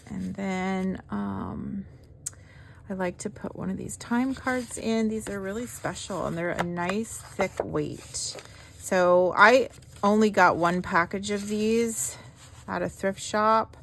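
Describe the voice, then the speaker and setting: Soft slow-talking woman doing a craft-along, gravelly fry, faint hiss behind her. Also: mid-range voice. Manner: slow, soft-spoken, gently enthusiastic. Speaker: craft channel host.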